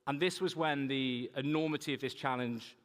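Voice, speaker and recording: A man's voice: medium pitch, normal speed. A young man giving a humorous keynote talk, telling anecdotes to a large audience. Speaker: keynote speaker. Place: large conference hall. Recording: echoey hall reverb.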